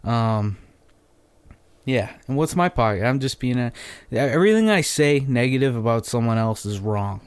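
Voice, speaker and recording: A man's voice: medium pitch, expressive, moderate pace, clean tone, no echo. A man hosting a solo podcast, telling a story in a rambling, profane, off-the-cuff way, a little phlegmy. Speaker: podcast host.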